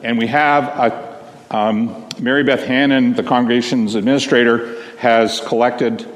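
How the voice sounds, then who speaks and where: A man, a minister, tells a children's story to a congregation in a gentle, slow storytelling manner, speaking to the children. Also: mid-range voice, fairly even intonation, dull audio. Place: large church sanctuary. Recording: long reverb of a big hall.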